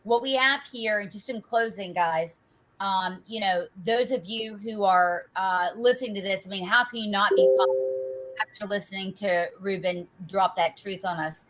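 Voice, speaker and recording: A woman's voice: mid-range voice, moderate pace, a bit bright, faint music behind, rough recording. A woman hosting a political talk show, speaking casually with frequent fillers and rhetorical asides.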